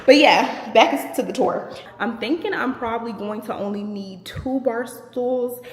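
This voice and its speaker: A woman's voice: a little high, unhurried. Chatty young woman in echoey rooms. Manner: chatty, talks straight to viewers. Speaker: vlogger giving an apartment tour. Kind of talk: casual chat to camera. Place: large empty apartment, indoors. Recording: echoey empty rooms, faint background noise.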